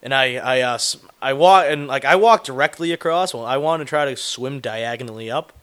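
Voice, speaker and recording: A man's voice: mid-range voice, a little fast, fairly bright tone, clean tone. A man telling a rambling, profane, self-mocking story in casual chat, laughing as he goes.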